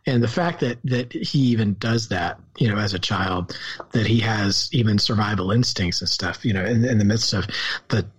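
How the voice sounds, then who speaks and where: A man with a Southern US accent, co-hosting a podcast and discussing a film in an earnest, halting way with many restarts. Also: lowish voice, husky. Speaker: podcast co-host.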